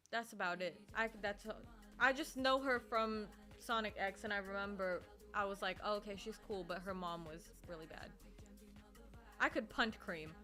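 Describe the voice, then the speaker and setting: A woman's voice: medium pitch, bright, forceful tone. A woman livestreamer chatting casually with her viewers and reading their messages, laughing easily and getting worked up. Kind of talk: casual live-stream chat.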